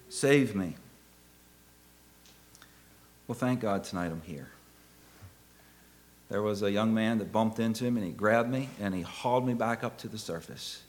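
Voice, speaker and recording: A middle-aged male preacher telling a personal story in a sermon, swinging from hushed asides to loud exclaiming. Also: mid-range voice, very animated, a little slow, long pauses.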